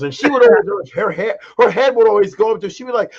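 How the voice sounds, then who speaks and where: Animated man telling stories, lo-fi sound. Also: fairly quick, few pauses. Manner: animated storyteller, acts out quotes in a high voice. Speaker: co-host. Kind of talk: casual podcast chat. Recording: dull lo-fi sound.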